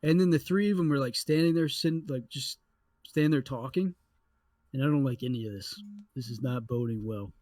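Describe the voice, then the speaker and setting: A young adult man co-hosting a podcast, telling a story in a casual, animated way with lots of swearing. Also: medium pitch, brisk, dry recording. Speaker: podcast co-host.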